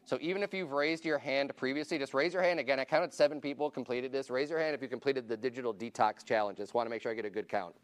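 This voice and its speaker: A man's voice: mid-range voice, steady tone, fast, hardly any pauses. A man pastor giving casual church announcements to his congregation, informal and chatty, asking the room questions and counting raised hands.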